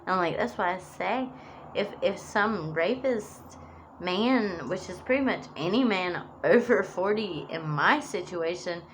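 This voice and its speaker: A woman's voice: lowish voice, lively intonation, measured pace, a little hiss or hum. A woman in an angry, rambling monologue to camera, swearing often and restarting her phrases.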